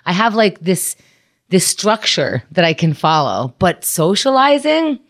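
Woman comic host, casual chat, a bit low-pitched, animated storyteller. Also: measured pace. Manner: chatty, animated storyteller with laughs.

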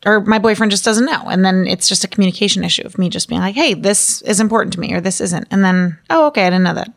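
A woman co-hosting a casual advice podcast, talking quickly and agreeably. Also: mid-range voice, vocal fry. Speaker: podcast co-host.

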